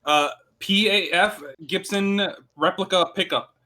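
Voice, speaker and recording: A man's voice: high-pitched, unhurried, sharp tone. A man chatting eagerly with friends before a tabletop game over an online call. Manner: enthusiastic, eager. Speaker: player. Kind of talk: casual chat.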